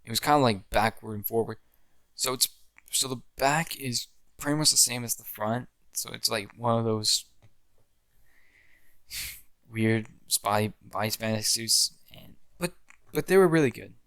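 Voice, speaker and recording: This young amateur filmmaker speaks at medium pitch and a measured pace, his voice creaky and fairly bright, with frequent pauses. He tells a meandering story about his fan film, restarting a lot and performing lines from it, recorded with no room sound.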